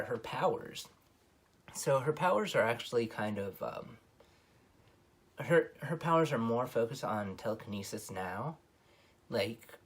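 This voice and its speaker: A man's voice: fairly low pitch, slightly rough. A man giving a casual, rambling film review, full of ums and self-corrections, his voice jumping up on emphatic points. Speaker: movie reviewer.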